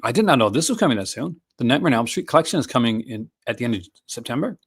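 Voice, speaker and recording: A male live-stream host chatting casually and enthusiastically with his viewers. He rambles, restarts his sentences and fills gaps with ums and uhs. His voice sits in a middle pitch range. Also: very animated, very fast, breathy edge.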